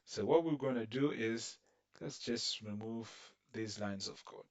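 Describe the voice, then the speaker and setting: A man's voice: fairly low pitch, measured pace, gravelly, no echo, distant mic. A man teaching a screen-recorded coding lesson, explaining patiently and checking in with "okay" along the way. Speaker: coding tutorial instructor.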